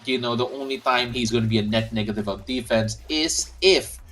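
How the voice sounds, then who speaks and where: A man's voice: mid-range voice, brisk, a bit bright. Casual male stream host, mid-range voice, chats between calls of the play, light music bed. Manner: chatty, reads viewer comments aloud, frequent restarts. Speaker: host of a live watch-along stream. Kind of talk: casual play-by-play and chat reading.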